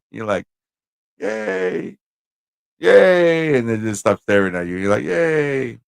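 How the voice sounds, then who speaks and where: A man hosting a casual livestream, telling stories in an animated way, swearing and slipping into put-on voices. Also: fairly low pitch, normal speed, creaky, pauses often, clear, resonant tone, no room sound. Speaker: host.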